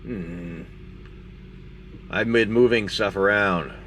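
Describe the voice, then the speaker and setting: Bright-voiced man running a game. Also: fairly low pitch, slow pace, a little hiss or hum. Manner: rambling, chatty, playful. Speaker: game master and card-break host. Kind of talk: live-stream narration of a tabletop game.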